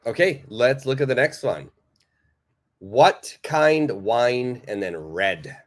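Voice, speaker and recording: A man's voice: mid-range voice, expressive, slow. A man teaching a live online English lesson, patiently reading out viewers' answers, praising them and explaining simple phrases.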